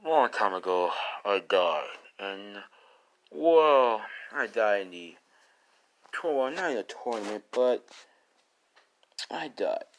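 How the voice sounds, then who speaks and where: A man voicing an old ice warrior who lectures his successor in a low, hushed, muffled "mask voice". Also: expressive, slow pace, pauses often, a little hiss or hum. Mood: stern. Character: ancient male ice warrior, stern mentor.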